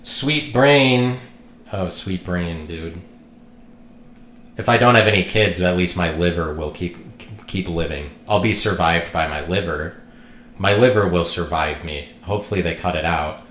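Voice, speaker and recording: A man's voice: sits low, normal speed, a bit bright, roomy sound, slight background noise. A man hosting his own podcast, talking alone in a rambling, joking, irreverent way and swearing now and then. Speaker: podcast host. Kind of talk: rambling solo podcast monologue.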